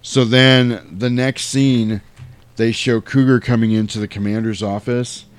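A man's voice: mid-range voice, steady tone, measured pace, clean tone. A man chatting casually on a podcast, rambling through a film plot with playful quoted voices and the odd swear word. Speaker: podcast co-host recapping a film. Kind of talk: casual chat.

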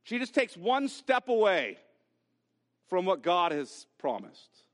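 A pastor preaching an expository sermon, repeating key phrases with emphasis and reading scripture aloud. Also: male voice, high-pitched, very animated, slow pace, fairly bright tone. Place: church sanctuary. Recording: long reverb from a large hall.

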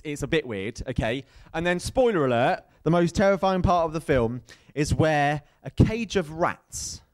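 Lively, fairly high-voiced male preacher. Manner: lively storytelling, asks the crowd "right?". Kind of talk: sermon. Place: church hall.

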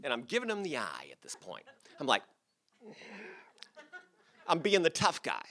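A man's voice: mid-range voice, huge pitch swings, normal speed, bright, forceful tone. A man in his sixties telling a personal story on a theater stage to a live audience, in a chatty, self-deprecating way.

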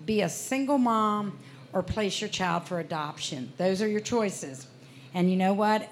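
A woman's voice: medium pitch, slight background noise. A woman in her sixties giving a heartfelt personal testimony at a Christian festival, telling her story earnestly. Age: 60s.

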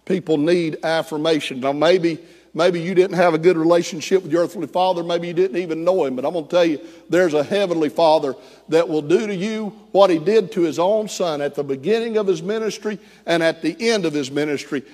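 Animated male preacher in a reverberant hall. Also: a little high, brisk. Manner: animated, acts out quoted voices. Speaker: pastor. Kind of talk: sermon storytelling.

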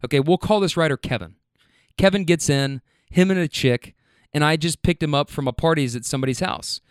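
A rideshare driver tells stories from his rides in a casual, laid-back way, swearing freely and talking straight to the listener. His voice is fairly high and fairly quick with a clean tone, recorded in studio quality with no room sound.

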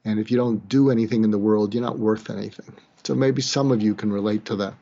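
An older man, a psychiatrist from the East Coast, tells a moving personal story in a halting way, with sighs, restarts and quiet moments. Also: on the low side, fairly even intonation, lo-fi sound. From Boston, East Coast US. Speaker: psychiatrist telling his story. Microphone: webcam or video call.

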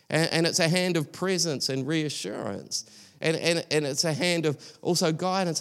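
A man preaching in an earnest, conversational way, his voice sitting a little high. He often restarts his sentences and speaks plainly, as if talking things over with the room. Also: normal speed, fairly bright tone, clear, resonant tone. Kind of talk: sermon.

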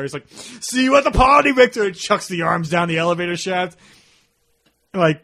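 A man hosting a casual podcast, telling stories with energy and slipping into quick impressions. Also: fairly high pitch. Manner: animated storyteller, slips into impressions. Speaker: podcast host. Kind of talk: casual chat.

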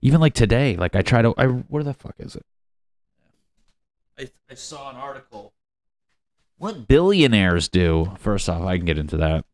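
A man's voice: mid-range voice, animated, moderate pace, pauses often, no room sound. A young man hosting a casual solo podcast, rambling and self-mocking with plenty of swearing. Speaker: podcast host.

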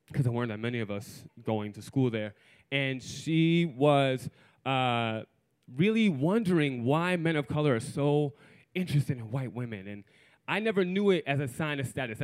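A man around thirty telling a frank personal story in a candid, profane, self-mocking way, swinging between loud bursts and hushed asides. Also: fairly high pitch. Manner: animated, shifts from loud to hushed.

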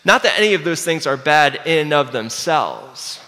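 A man preaching a sermon earnestly, dropping low and quiet to stress his key points. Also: animated, moderate pace. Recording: long hall reverb.

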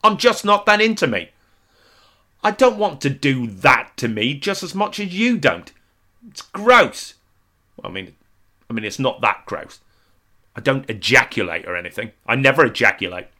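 A man in his forties performing a self-deprecating comic monologue, deadpan with sudden exaggerated outbursts. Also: mid-range voice, moderate pace, pauses often. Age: 40s. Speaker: comedian.

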